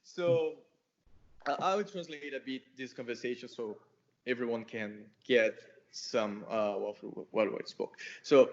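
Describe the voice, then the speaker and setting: Brazilian man, halting English, muffled call. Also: medium pitch. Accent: Brazilian Portuguese. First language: Portuguese. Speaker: host. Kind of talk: casual video call chat. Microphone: video call. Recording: slightly dull video call audio.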